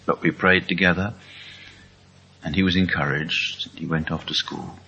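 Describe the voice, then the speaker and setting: Middle-aged English man, very low voice with a bright edge, earnest testimony speaker. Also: fairly even intonation, vocal fry, slight background noise. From England. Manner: slow, earnest storytelling. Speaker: speaker at a Christian meeting. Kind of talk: testimony talk. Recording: dull lo-fi recording.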